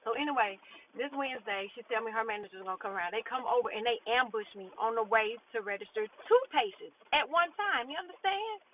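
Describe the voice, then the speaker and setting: A woman's voice: fairly high pitch, lively intonation, brisk. A woman telling a work story in a blunt, profane, frustrated casual rant, acting out what others said. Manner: blunt, profane, frustrated, retelling with quoted dialogue. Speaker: vlogger. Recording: tinny phone-like audio with faint noise.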